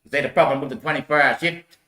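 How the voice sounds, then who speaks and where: A man doing a boss figure who explains shift rules with calm patience. The voice is bright and sits in an echoey room. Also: mid-range voice, fast talker, lightly acted. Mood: patient.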